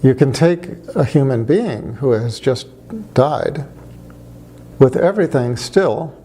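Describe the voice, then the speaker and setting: A man talks through his argument, asking rhetorical questions and telling wry stories along the way. His voice is mellow and dark at mid pitch. A faint noise sits under the recording. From United States. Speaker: speaker on religion. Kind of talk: conversational argument to camera.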